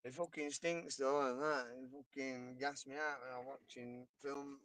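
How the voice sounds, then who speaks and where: A man's voice: mid-range voice, flat delivery, unhurried, fairly bright tone, no room sound. Rambling sweary Yorkshire man. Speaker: livestreamer. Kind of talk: casual chat.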